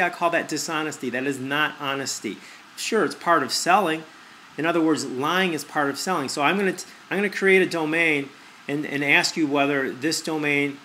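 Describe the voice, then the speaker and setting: A man's voice: a little high, bright, forceful tone, a little hiss or hum. A man giving a persuasive screen-recorded review, repeating his points and asking rhetorical questions. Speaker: online marketer.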